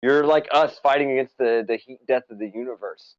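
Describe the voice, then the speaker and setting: A man's voice: medium pitch, a little fast, dry recording, muffled recording. A man from the United States co-hosting a casual stream, talking about a film and a game with lots of fillers and tangents. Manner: rambling, filler-heavy, enthusiastic. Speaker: podcast co-host and essay author.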